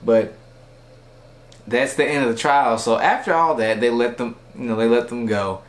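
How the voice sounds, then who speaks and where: A man rambles through a casual recap and review of an anime episode, leaning heavily on fillers like "like" and "you know." His mid-range voice keeps a fairly even intonation at a normal speed, and the room is echoey.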